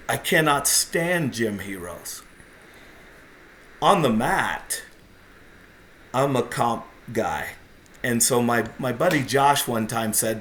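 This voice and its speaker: A middle-aged man tells stories about competing, his manner intense and competitive yet self-deprecating. His voice sits at an ordinary pitch for a man, and a light hiss runs underneath. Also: a bit bright. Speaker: podcast guest, jiu-jitsu competitor. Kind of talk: casual storytelling.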